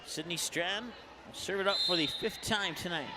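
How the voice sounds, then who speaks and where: A man with an Upper Midwest American accent doing play-by-play commentary on a high school volleyball match in a gym, calling plays fast and shouting on big points. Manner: rapid calls that rise to shouts on big plays. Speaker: play-by-play announcer. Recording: noisy gym broadcast.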